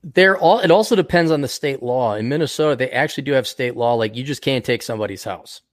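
A man's voice: medium pitch, quick pace, no echo. A man hosting a podcast in casual chat, ranting crudely and mocking. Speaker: podcast host.

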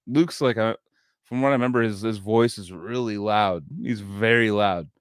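A man's voice: on the low side, moderate pace, smooth, no echo, studio quality. A man hosting a podcast, telling stories in a rambling, casual way with plenty of swearing. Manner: rambling storyteller, swears a lot. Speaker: podcast host. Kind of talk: casual chat.

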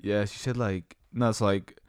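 A man's voice: on the low side, fairly even intonation, moderate pace, smooth, dry recording, studio quality. A young man rambling through a slangy, casual story and acting out the voices of the people in it. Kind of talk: casual chat. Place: Utah.

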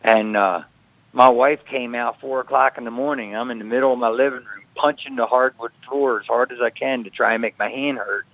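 A middle-aged man tells his story in a relaxed, ordinary register, stumbling over repeated words and tossing in "man" and "brother." His voice sits at an average pitch for a man. The sound is dry and muffled, like a lo-fi podcast feed. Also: brisk, vocal fry, no echo. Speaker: guest, retired wrestler. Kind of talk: casual storytelling.

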